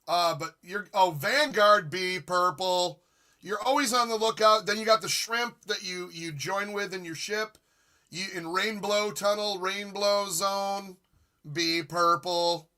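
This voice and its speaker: A streamer host in his forties runs a live retro gaming session with loose, rambling chatter, speaking a little slowly. His voice sits slightly high and sounds bright with an edge. He's jokey and excitable, reading viewer chat aloud and reacting eagerly.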